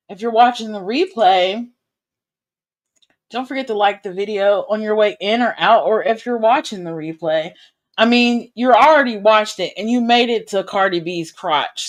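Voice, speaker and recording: A woman chatting casually on a livestream from home, rambling and playfully teasing her viewers. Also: mid-range voice. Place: home at night.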